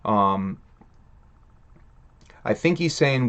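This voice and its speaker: Man, low voice, stream host, rambling profane rant, muffled lo-fi audio. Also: expressive, moderate pace. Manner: profane, rambling, laughs between thoughts. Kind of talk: casual ranting livestream chat.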